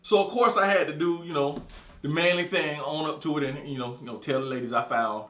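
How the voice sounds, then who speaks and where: Brisk and somewhat high-pitched, a California man performs a comic tale laced with profanity, animating it by voicing its characters. He's a comedic storyteller, recorded in an echoey space.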